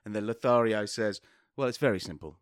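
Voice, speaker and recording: A man's voice: lowish voice, fairly quick, clear, resonant tone, dry recording, clean studio sound. A man co-hosting a comedy podcast, rambling through jokes and mock outrage. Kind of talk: improvised comedy banter.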